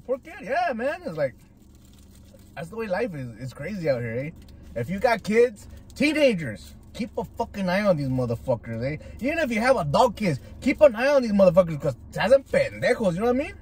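A man's voice: sits high, huge pitch swings, brisk, a little mellow, husky. A man from Southern California, telling stories in a profane, slangy way with Spanish words mixed in while he eats. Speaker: food vlogger. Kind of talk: casual chat while eating.

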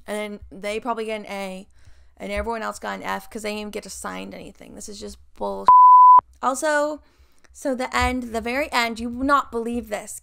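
Sarcastic young woman with a gravelly voice. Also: a little high. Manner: sarcastic, deadpan asides. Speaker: video essay host. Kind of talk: sarcastic commentary.

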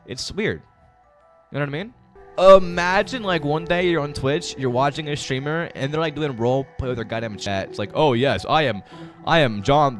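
A young man rambling and yelling crude jokes while streaming a game. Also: mid-range voice. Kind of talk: gameplay commentary.

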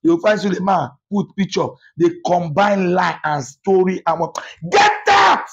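A Nigerian man, a pastor, delivering a fiery rebuke to camera, shouting and repeating himself as he mixes Pidgin with English. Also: high-pitched, moderate pace, highs cut off, slight background noise.

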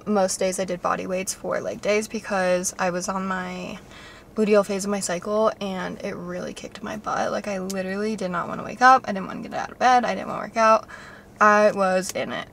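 A young woman talking casually to her vlog audience, chatty and excitable, rambling from one plan to the next. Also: mid-range voice, a little fast, vocal fry, a little hiss or hum. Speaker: vlogger.

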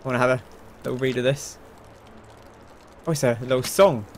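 A man's voice: medium pitch, fairly quick, a little hiss or hum. A man hosting a let's play, chatty and exclamatory as he comments on the game.

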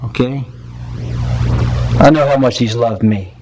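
A man's voice: medium pitch, measured pace, music in the background, rough recording. A man preaching a sermon as pastor in a church, telling stories earnestly and often repeating or restarting his words. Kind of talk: sermon with storytelling. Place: church sanctuary.

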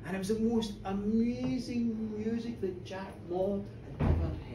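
A man telling a folk tale live on a pub stage, dramatic and animated, with sound effects and screams. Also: high voice, normal speed, noisy background. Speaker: storyteller. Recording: roomy live bar from far off.

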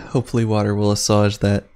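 A man's voice: on the low side, little pitch movement, fairly quick, a little mellow, clean tone. A man streaming a horror game, chatting casually and reacting aloud as he plays, swearing now and then. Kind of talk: casual gameplay commentary.

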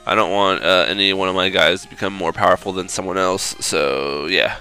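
A man's voice: low voice, pushed and bright, clear, resonant tone, soft background music. Frustrated young man cursing at a game. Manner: swears and groans at the game, quick to frustration. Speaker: let's play commentator. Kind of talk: gameplay commentary.

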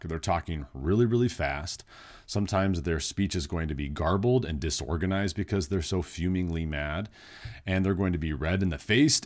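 A man who works as a nurse in behavioral health, explaining in a casual, plain-spoken way. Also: sits low. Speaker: psychiatric nurse. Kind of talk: instructional video talk.

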